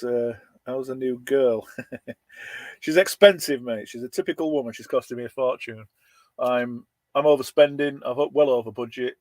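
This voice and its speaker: A middle-aged man chats casually on a livestream, greeting viewers one by one. His voice sits at a medium pitch, and the sound is close and dry. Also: a little mellow, no room sound. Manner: chatty, thanks viewers by name, laughs between lines. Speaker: livestream host reading viewer comments. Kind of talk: casual live chat. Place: his van.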